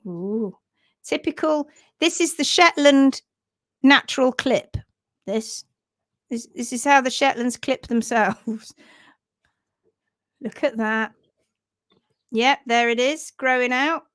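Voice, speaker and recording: A woman's voice: high-pitched, takes it slowly, pauses often, dry recording. A woman hosting a horse care live show, chatting in an upbeat, giggly way. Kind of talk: casual live-stream chat.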